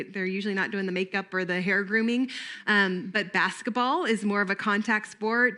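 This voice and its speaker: A woman's voice: medium pitch, bright, forceful tone. A middle-aged woman giving a playful camp training talk to volunteers, laughing often and breaking into made-up jingles.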